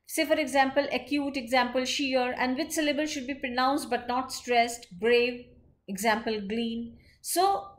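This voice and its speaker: A woman giving a literature lecture in a measured explaining manner, pausing often with fillers. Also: high-pitched, steady tone. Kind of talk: classroom lecture.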